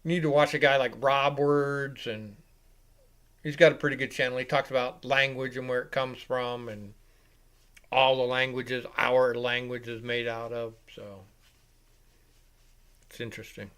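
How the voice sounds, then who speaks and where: A man hosting a live reaction show, giving casual play-by-play commentary. He rambles off-topic, swears freely and gets louder and higher whenever he calls the action. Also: little pitch movement, measured pace, long pauses, clean tone. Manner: rambling and casual, with profanity, rising and louder when calling plays.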